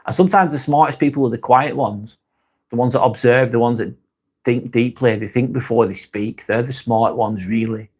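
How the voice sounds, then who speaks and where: A man's voice: mid-range voice, normal speed, a little mellow, breathy edge. A man with a Lancashire accent, hosting a casual live stream, reading out viewer comments and answering them frankly, swearing often. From England. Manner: frank, swears freely, muses aloud.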